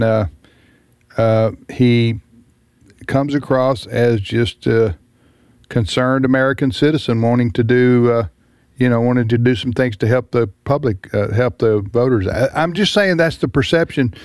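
A man's voice: medium pitch, steady tone, normal speed, darkish tone, clean tone, no room sound, studio quality. A man co-hosting a political talk radio show, chatting casually and often chiming in with short agreements. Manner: agreeable, frequent short affirmations.

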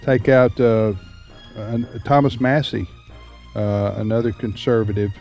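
A man hosting a political talk radio show, speaking haltingly with many fillers. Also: on the low side, fairly even intonation, darkish tone, faint music behind.

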